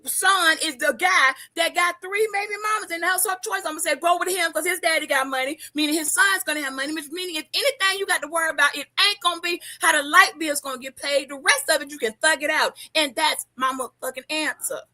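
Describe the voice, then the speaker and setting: Loud, bright, very high-voiced woman. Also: fast, hardly any pauses. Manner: loud, emphatic, profane. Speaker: panel guest. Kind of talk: heated panel argument.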